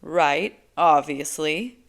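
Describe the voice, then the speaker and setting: A woman's voice: low-pitched, drawn-out words, creaky, exaggerated voice. A woman reading an audiobook, voicing a laid-back young man who teases, with emphatic, amused delivery. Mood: teasing. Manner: relaxed, teasing, emphatic. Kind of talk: audiobook character voice.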